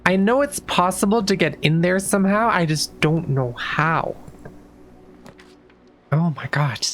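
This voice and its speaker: Low-voiced woman streamer thinking aloud. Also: a little slow, a little hiss or hum. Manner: thinks aloud, restarts sentences, swears casually. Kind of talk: casual gameplay commentary.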